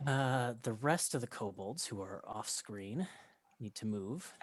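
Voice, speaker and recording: A woman's voice: extremely low pitch, animated, a little slow. A woman narrating as game master in a chatty, giggly way, with many fillers.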